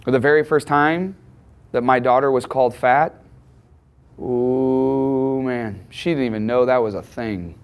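A man's voice: medium pitch, a little slow, clear, resonant tone. Conversational man preaching a sermon. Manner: conversational, emphatic preaching with acted quotes. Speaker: pastor.

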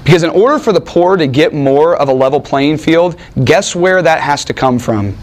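A man delivers a sermon with a bright, higher-pitched voice. He preaches in an animated, conversational style, tossing in wry asides to the room. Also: normal speed. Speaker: pastor.

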